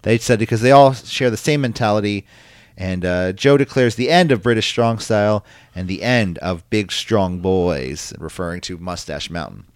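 A man's voice: fairly low pitch, moderate pace, smooth, no echo. A man hosting a casual podcast, rambling through a recap with lots of ums and likes. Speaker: podcast host recapping wrestling. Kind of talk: casual chat.

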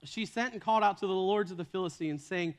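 Guy preaching w a pretty high voice, retelling a story chatty-style and cracking little jokes. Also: fast. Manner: conversational, joking asides. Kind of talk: storytelling sermon.

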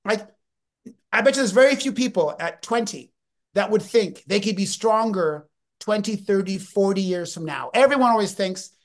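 Guy in his 50s on a podcast, lively storytelling, keeps cutting himself off mid sentence. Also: sits high, moderate pace. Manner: energetic, storytelling, often self-interrupting. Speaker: guest. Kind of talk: podcast interview.

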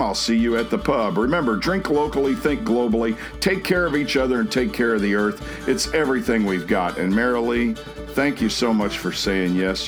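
American man, stuffy nasal voice, easygoing host, music underneath. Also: mid-range voice. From United States. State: nasal congested. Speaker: podcast host. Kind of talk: casual chat. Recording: music playing behind.

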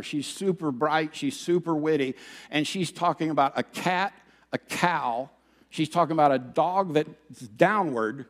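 A middle-aged man preaching a sermon as pastor, animated, telling stories and swinging from loud bursts to hushed, quiet passages. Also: a little high. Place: church sanctuary. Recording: long reverb of a large hall.

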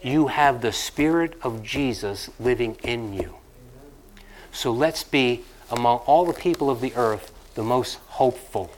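Man preaching, fairly high voice, chatty storytelling, repeats lines, church sermon then prayer. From Northeastern United States. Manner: conversational storytelling preacher who laughs and repeats lines for emphasis. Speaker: pastor. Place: church sanctuary.

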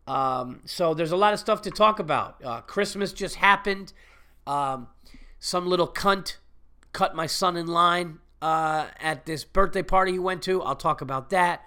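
A man's voice: fairly high pitch, measured pace, bright, forceful tone, smooth. A man with a cold hosting his own podcast, talking in a rambling, profane, chatty way. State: sick with a cold. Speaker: podcast host and comedian. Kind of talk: casual solo podcast monologue.

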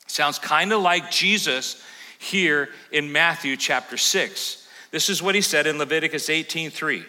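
A male pastor preaching a sermon in a church, animated and acting out the voices of scripture. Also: on the high side, measured pace, big-room sound, rough recording. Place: church sanctuary.

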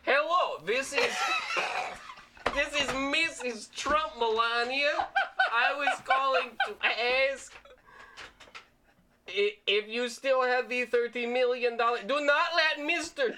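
Brief: a man doing a high, pleading first-lady voice, slow and stiff, bright tone. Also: slight background noise, full character voice. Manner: slow, overly polite, breaking into laughter. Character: impression of a president's foreign-accented wife, polite, pleading. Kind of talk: prank voicemail impression on a podcast.

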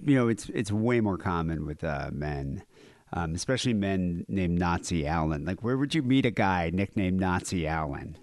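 Sarcastic man with a lively voice. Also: low-pitched, dry recording, studio quality. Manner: sarcastic, swears, quick retorts. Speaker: podcast co-host. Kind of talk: casual comedic chat.

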